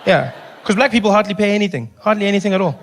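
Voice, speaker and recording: Animated South African comedian, higher voice. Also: male voice, racing. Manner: animated, acts out characters with shouted lines. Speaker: stand-up comedian. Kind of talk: stand-up comedy.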